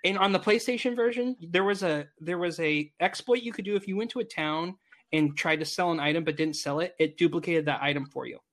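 Chatty man, slightly high voice. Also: fairly quick, a bit bright. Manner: enthusiastic, rambling with restarts. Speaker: podcast co-host. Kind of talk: casual gaming podcast chat.

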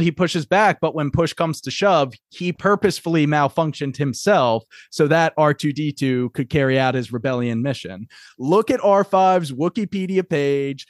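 A man's voice: a little high, moderate pace, dry recording, clean studio sound. Enthusiastic man explaining show lore. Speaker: podcast host. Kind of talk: casual show recap chat.

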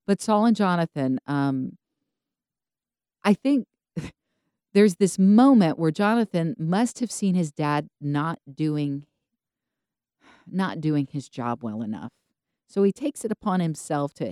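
A woman co-hosting a podcast, telling Bible stories casually and acting out the characters in quick voices. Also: low voice, dry recording, clean studio sound. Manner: animated storytelling, acts out biblical characters in quick voices. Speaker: podcast co-host.

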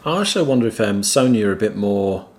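A man's voice: lowish voice, lively intonation, a little fast. A man with a British accent co-hosting a games podcast, rambling with lots of "like" and "kind of". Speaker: games journalist podcast co-host. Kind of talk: casual podcast discussion.

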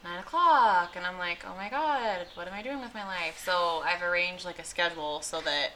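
A woman's voice: lowish voice, moderate pace, pushed and bright, slight background noise, low-quality recording. A woman hosting a casual podcast, chatting about her life, swearing casually and trailing off into restarts. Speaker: podcast host. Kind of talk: casual chat.

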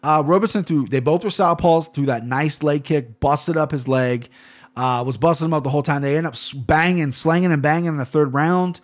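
A man hosting a solo podcast, talking casually in an animated, profane, rambling way. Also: on the high side, brisk. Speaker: podcast host.

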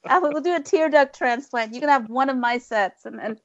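A woman's voice: high voice, a little fast, no echo, highs cut off. A woman of Bengali heritage, an author chatting as an interview guest, laughing often and teasing herself. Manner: giggly and self-mocking. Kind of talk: casual interview chat.

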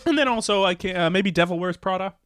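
A man hosting a comedy podcast, making wry, deadpan asides in casual chat. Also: high voice, quick pace, clean tone. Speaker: podcast host.

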